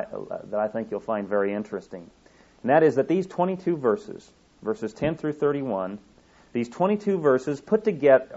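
Male pastor with a mid-pitched voice, earnest folksy preacher with fillers and restarts, heard through a muffled lo-fi recording. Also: darkish tone. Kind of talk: sermon.

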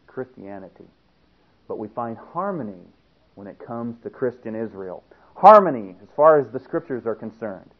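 A man delivering an emphatic radio sermon, reading passages aloud and swinging between loud stress and quiet asides. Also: medium pitch. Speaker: preacher. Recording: tinny lo-fi radio broadcast.

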